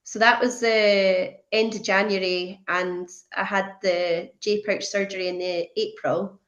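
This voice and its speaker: A woman in her thirties recounts her experience as a podcast guest, switching into the voices of the people in her story. Her voice sits at a middle pitch and rings a little in a roomy, echoey space. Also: unhurried, muffled recording. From Scotland. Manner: lively retelling, acts out quoted speech. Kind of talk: conversational storytelling.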